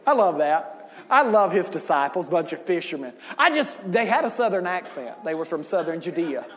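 A male pastor preaching a sermon, joking and conversational, building to shouted emphasis. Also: a little high, big pitch swings, normal speed, long reverb tail.

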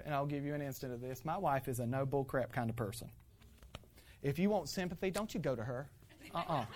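A man preaching to a congregation, telling playful stories about his family with laughter and lively acting-out. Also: a little high, a little hiss or hum. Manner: animated, playful storytelling with laughter. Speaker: pastor. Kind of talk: sermon with personal stories.

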